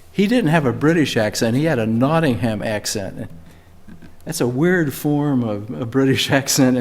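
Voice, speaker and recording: A man's voice: mid-range voice, darkish tone. Older male pastor telling a story from the pulpit. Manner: conversational storytelling, emphatic rises on key words. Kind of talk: sermon. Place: church sanctuary.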